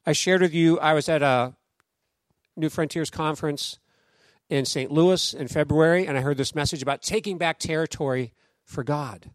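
A man preaching a sermon in a conversational, animated storytelling way, acting out quoted voices. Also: a little high, normal speed, dry recording, clean studio sound. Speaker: pastor.

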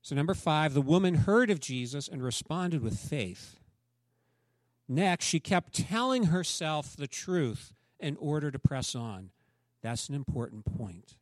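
A man preaching a sermon as a pastor, dramatically acting out the people in the story and swinging from loud urging to hushed, near-whispered lines. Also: fairly high pitch, sing-song, unhurried, no echo, clean studio sound. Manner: dramatic, acts out voices of the story.

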